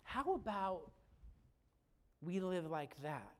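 A man's voice: high voice, lively intonation, measured pace, long pauses. Fervent male preacher telling a story. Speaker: pastor. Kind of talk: sermon.

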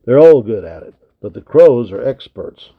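A man reading the part of an experienced trapper in charge of the night guard, brisk and firm. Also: mid-range voice, lively intonation. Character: experienced watchful male trapper, head of the guard. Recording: tinny narrow lo-fi recording.

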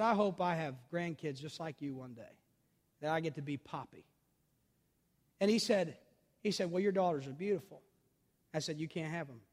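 A middle-aged man and pastor preaching a sermon, switching between loud, urgent emphasis and quiet storytelling, repeating phrases and speaking straight to his listeners. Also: a little high. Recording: long reverb of a large hall.

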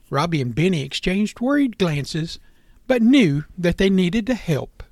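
A man narrates a children's animal story in a gentle, expressive manner. His voice sits high, and the recording is close and dry with no room sound. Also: unhurried, no room sound.

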